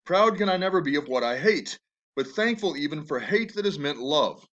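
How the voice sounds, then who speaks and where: A young daughter, read by a man, who chooses her words carefully and begs her father. The voice is bright and a little raised. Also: a little high, lively intonation, moderate pace, muffled recording. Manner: careful, pleading.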